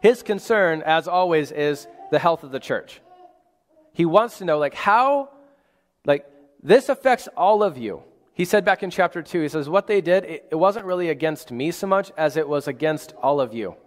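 Male pastor, 30s, chatty sermon delivery, slightly high voice, long hall reverb. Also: lively intonation, moderate pace. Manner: casual, conversational preaching with many "like"s and restarts.

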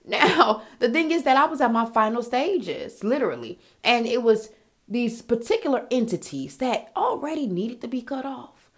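A woman's voice: a little high, normal speed. Sassy, candid woman podcast host. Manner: candid, animated, sassy, addresses listeners as girl and honey. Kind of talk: casual motivational monologue.

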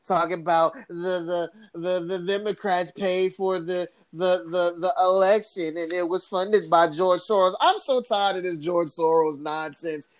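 A woman co-hosting a casual political podcast, talking in an animated, sarcastic way, with laughs and mocking impressions. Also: medium pitch. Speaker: podcast co-host.

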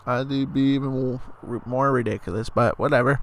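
A man chatting casually on a podcast, rambling and laid-back as he goes. His pitch sits in the middle of the male range. A faint hiss of noise stays under his voice. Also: steady tone, normal speed. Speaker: podcast co-host. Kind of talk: casual chat.

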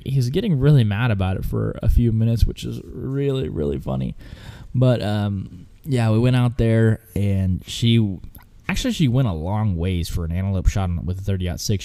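A man's voice: on the low side, fairly quick, mellow. A man recounting a hunting trip in casual, rambling storytelling with lots of fillers and restarts.

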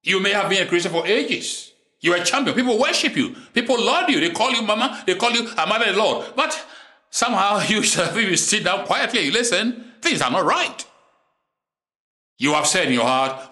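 Bright-voiced male preacher, deliberate and emphatic. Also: high voice, animated. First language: not English. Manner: deliberate, repeats key lines for emphasis. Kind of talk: sermon.

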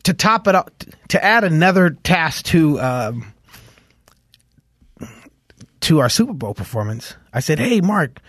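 Animated man telling stories, dry studio sound. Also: fairly high pitch, unhurried, pauses often, no echo. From Los Angeles. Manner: animated storyteller, heavy on "like", hums tunes aloud. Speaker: guest musician. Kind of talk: casual interview chat.

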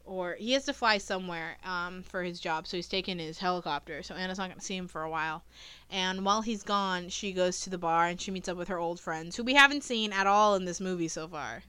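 A woman's voice: fairly low pitch, pushed and bright, clear, resonant tone, no echo. A woman co-hosting a podcast, casually retelling a movie plot in a rambling, profane way with lots of fillers. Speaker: podcast co-host. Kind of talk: casual movie review chat.

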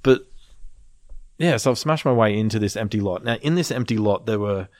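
Male storyteller, low-pitched, animated and profane, casual podcast chat. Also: brisk, no echo, clean studio sound. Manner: animated, swearing, laughing through the story.

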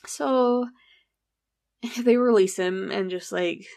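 Podcast host, female, gravelly fry, chatty true-crime storyteller. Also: medium pitch, takes it slowly, a little mellow. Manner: chatty, recounts events with frequent "like" and quoted dialogue.

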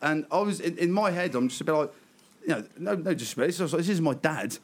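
A man's voice: on the high side, expressive, fast. A man around thirty, telling a laughing, sweary anecdote in casual chat among friends.

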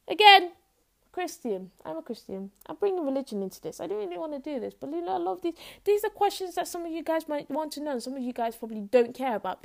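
A woman's voice: high voice, gravelly, darkish tone. A woman hosting her own podcast, chatting in a bubbly, rambling way and joking at her own expense. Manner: bubbly, rambling and self-mocking, repeats herself. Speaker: podcast host. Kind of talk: casual solo podcast chat.

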